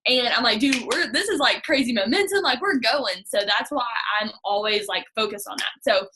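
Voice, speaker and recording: A woman's voice: fairly high pitch, lively intonation, normal speed, noisy background. A young woman giving casual coaching on sales messaging, chatty and upbeat with lots of "like.". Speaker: direct sales team leader.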